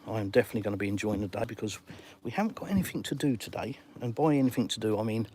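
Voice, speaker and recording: A man's voice: lowish voice, animated, very fast, dark tone. Englishman, middle-aged, casual live-stream chat, matey tone, faint background hiss. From England. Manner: chatty and matey, calls viewers mate.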